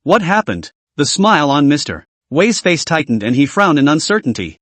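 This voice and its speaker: Male recap narrator, dramatic and clipped, bit high, pitch swinging, dry close mic. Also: very animated, fairly quick, a bit bright, no echo. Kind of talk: scripted story recap narration.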